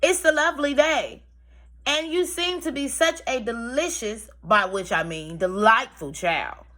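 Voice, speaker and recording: A woman's voice: a little high, a little slow, bright, forceful tone, voice pushed up. A woman voicing a sly storybook wolf. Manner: oily, mock-polite. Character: sly smooth-talking male wolf. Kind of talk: read-aloud storybook.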